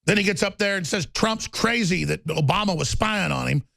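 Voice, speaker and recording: Fired-up guy ranting on his talk show, gravelly, dry close sound. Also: high voice, animated, bright, forceful tone, no echo. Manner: rapid, heated, repetitive, stammering restarts. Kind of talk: heated political talk show rant.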